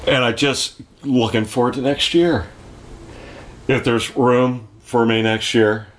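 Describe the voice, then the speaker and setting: A man's voice: medium pitch, fairly even intonation, slow pace. A man chatting on a panel, modest and hesitant, often laughing at himself. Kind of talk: casual panel banter.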